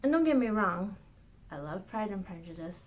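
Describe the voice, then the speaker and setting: A woman's voice: medium pitch, lively intonation, normal speed, slight background noise, rough recording. Chatty woman hosting a craft podcast. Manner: chatty, laughs often, bubbly asides. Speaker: podcast host. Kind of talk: casual chat.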